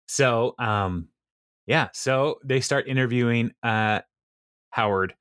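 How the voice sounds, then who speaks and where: A man's voice: medium pitch, slow pace, fairly bright tone, no room sound, clean studio sound. A man co-hosting a podcast, recapping a TV episode in casual chat, quoting scenes and laughing often between fillers. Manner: laughs often, recounts scenes with quoted lines and many fillers. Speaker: podcast co-host.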